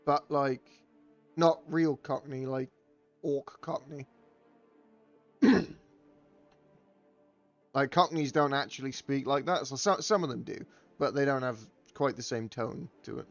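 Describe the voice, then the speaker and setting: A man's voice: mid-range voice, slow, pauses often, dull audio, soft background music. A man casting a live game tournament with loose, joking play-by-play. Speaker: tournament caster.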